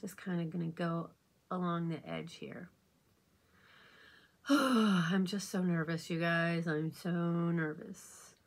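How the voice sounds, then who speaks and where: Taking it slowly in a low-ish voice, this woman talks through her makeup routine as a beauty vlogger. She rambles and confides, leaning on fillers such as "you know what I mean".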